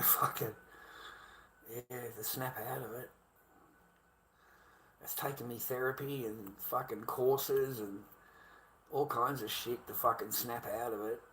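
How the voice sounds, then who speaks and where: A man's voice: medium pitch, gravelly, a bit bright, slight background noise, low-quality recording. A middle-aged Australian man ranting casually to camera, rambling and heavy with profanity. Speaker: vlogger.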